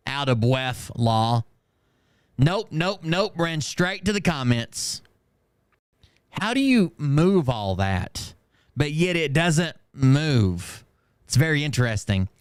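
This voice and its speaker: A man's voice: medium pitch, smooth, dry recording, clean studio sound. A man hosting a stream, reading viewer comments aloud in casual, mocking commentary and laughing often.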